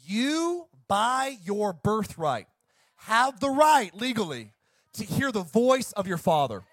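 Male pastor, middle-aged, high voice, passionate shouting sermon with quiet story passages, dry recording. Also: sing-song, slow, no room sound. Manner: fired-up, shouting preacher who swings down to soft storytelling.

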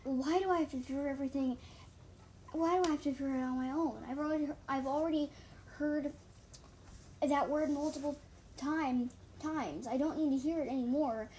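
Girl reading as an anxious young she-cat apprentice, loud and pleading, kinda high. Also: steady tone, brisk, slight background noise, close to an everyday voice. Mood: whiny.

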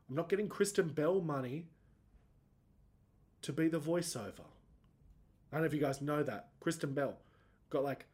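Rambling and self-mocking, this solo podcast host is a man in his thirties. His voice sits in the middle range with a darkish tone, cracking upward whenever he turns emotional.

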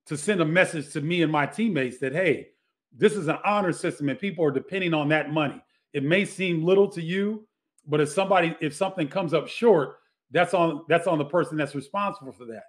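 A middle-aged man, a former basketball player, telling stories in a casual interview with many restarts. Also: a little high.

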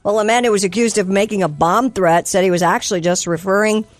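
A woman reading quirky news stories on a radio show, brisk and matter-of-fact. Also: mid-range voice. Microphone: dry studio microphone.

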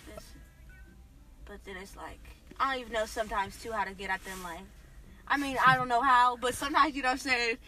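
A woman's voice: a little high, fairly even intonation, a little fast, pushed and bright, far from the mic, faint music behind, low-quality recording. A woman in a casual chat in a car, talking hesitantly and trailing off, with a good deal of slang.

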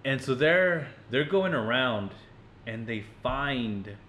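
A man co-hosting a podcast, retelling a horror movie in casual, animated chat with frequent swearing and laughter. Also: medium pitch, slow. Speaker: podcast co-host.

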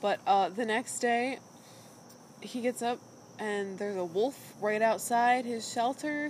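Woman, fairly high voice, casual chatty retelling, noisy hiss behind. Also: slow. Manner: chatty, animated retelling with quoted asides. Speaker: podcast co-host recapping a show. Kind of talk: casual chat.

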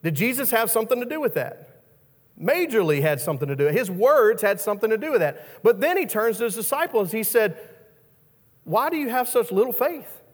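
Brief: male preacher with a high voice, conversational sermon, stumbles and repeats, long hall echo. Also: big pitch swings, fast. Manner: repeats words as he restarts, asks the listeners questions.

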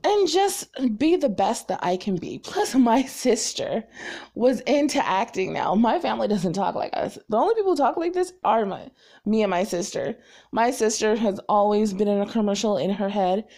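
A woman talks through a casual solo podcast episode, rambling from one thought to the next. She speaks in quick bursts, full of fillers and asides, at a middle pitch. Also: expressive, warm tone. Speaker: podcast host.

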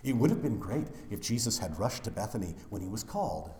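A man preaching a funeral sermon as pastor, swinging from loud declarations to hushed, near-whispered lines. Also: lowish voice, very animated, fairly quick, echoey room.

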